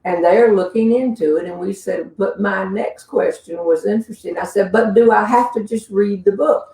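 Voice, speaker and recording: An older Southern woman, a humorist host, tells stories and fields questions in a folksy, chuckling manner. Her mid-range voice is gravelly and mellow, with a moderate pace. The sound is roomy and captured from a distance.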